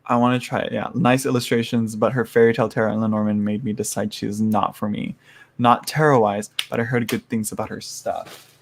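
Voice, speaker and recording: A man's voice: fairly low pitch, flat delivery, a little fast, creaky, a little hiss or hum. A man chatting casually to live viewers as he unboxes a tarot haul, rambling with many fillers and small asides.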